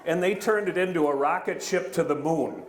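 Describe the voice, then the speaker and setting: A middle-aged man with a somewhat high voice speaks at a moderate pace, delivering a county address to a live crowd in a large hall. His public speech is folksy, conversational and full of jokes. The hall is echoey, with faint room noise in the background.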